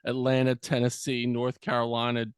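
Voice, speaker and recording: A man's voice: mid-range voice, monotone, moderate pace, clean tone, dry recording, clean studio sound. A man from New Jersey hosting a podcast, talking in an upbeat, chummy and loose casual interview style. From Central New Jersey. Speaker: podcast host.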